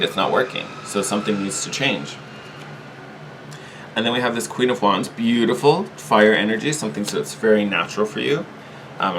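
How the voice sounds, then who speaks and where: Man, tarot reader, casual chat, animated, laughs easily, fairly low voice, faint background hum. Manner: chatty, animated, laughs easily, repeats words. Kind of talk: casual spoken tarot reading.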